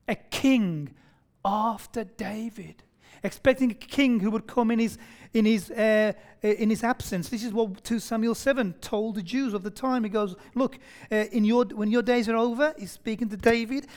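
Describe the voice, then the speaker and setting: A man preaching a sermon in a relaxed, conversational way, often restarting and repeating words. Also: high voice. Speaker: pastor.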